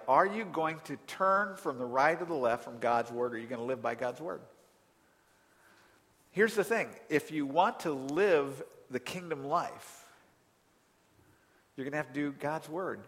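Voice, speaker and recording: Guy preaching, telling a story, gets worked up then quiet again, bright forceful voice, big echoey church. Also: on the high side. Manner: animated storyteller, swings from quiet to loud exasperation. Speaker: pastor. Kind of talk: sermon with personal story.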